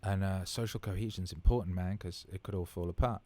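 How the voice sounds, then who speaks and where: Deep, brisk, and darkish in tone, a man in his thirties keeps a steady tone while hosting a casual livestream Q&A. He rambles with enthusiasm, swears freely, and repeats words for emphasis.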